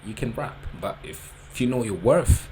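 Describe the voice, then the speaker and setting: A man's voice: medium pitch, expressive, moderate pace. A man, hosting a reaction video in a loose, joking commentary with slang. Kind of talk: casual commentary. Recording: background noise.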